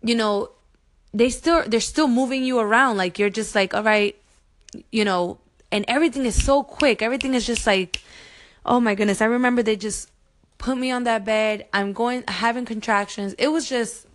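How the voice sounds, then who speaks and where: A woman's voice: on the high side, moderate pace. A woman in her thirties telling her own birth story to her viewers, emotional and earnest, speaking to them directly. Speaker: mom vlogger. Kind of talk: personal storytelling to camera.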